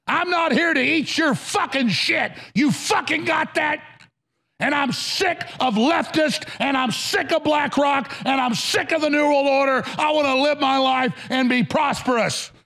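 A man's voice: extremely high pitch, a little slow, vocal fry, sharp tone. A man in an angry public rant, furious, swearing and making demands.

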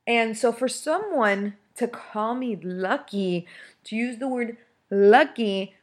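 A woman's voice: on the high side, slow pace. A woman in her thirties hosting a casual solo podcast, venting in a heated way with many fillers and restarts. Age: 30s. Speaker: podcast host.

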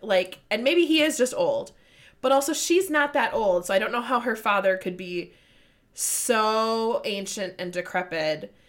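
A woman hosting a casual book chat, retelling scenes with excitement and plenty of swearing. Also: on the high side, measured pace. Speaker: book podcast host.

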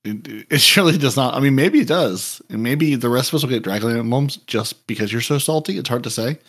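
A man's voice: mid-range voice, animated, brisk, fairly bright tone, breathy edge. A man co-hosting a casual gaming podcast, wry and teasing. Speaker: podcast co-host.

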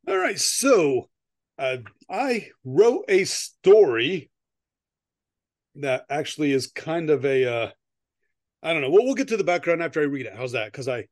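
A man's voice: fairly high pitch, big pitch swings, a little slow, pauses often, no room sound, clean studio sound. A middle-aged man co-hosting a podcast, chatting in a rambling way with many restarts and frequent laughs, then reading a story aloud. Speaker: podcast co-host. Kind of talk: casual chat and story reading. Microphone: close podcast mic.

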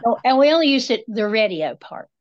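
Her pitch on the high side and swinging widely, a middle-aged podcast co-host talks briskly through casual chat. The audio is dull and lo-fi as she spins wry, self-deprecating stories.

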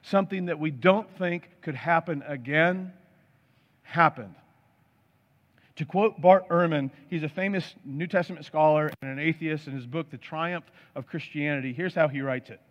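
A man's voice: a little high, moderate pace, few pauses. A male pastor preaching a sermon, emphatic and stacking up lists of words. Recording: dull sound with long hall reverb.

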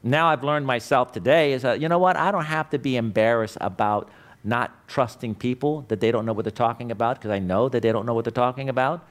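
A middle-aged man giving a blunt motivational lecture to a class, emphatic and swinging between loud and quiet. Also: mid-range voice, a little fast. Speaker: class instructor. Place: classroom with students.

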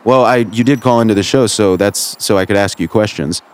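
A man hosting a comedic call-in radio interview, asking questions with incredulous, halting stammers. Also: on the low side, slight background noise. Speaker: radio host.

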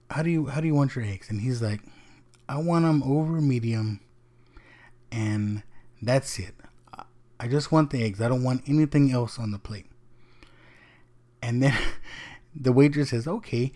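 Dude rambling on his podcast, lots of ums, swears a bunch, mellow voice. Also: medium pitch, normal speed. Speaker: podcast host. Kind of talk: casual solo podcast talk.

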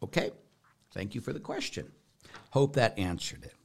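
A man's voice: fairly low pitch, big pitch swings, normal speed, vocal fry, slightly rough. A man, a Catholic priest, answering viewer questions in a conversational teaching manner, asking himself questions and answering them. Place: broadcast to viewers.

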